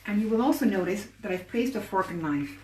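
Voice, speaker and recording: A woman's voice: mid-range voice, lively intonation, a little fast, a little mellow, slight background noise. A woman hosting a live cooking demonstration. She explains patiently and talks as she works with her hands. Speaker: cooking show host. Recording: roomy, distant mic with faint ambience.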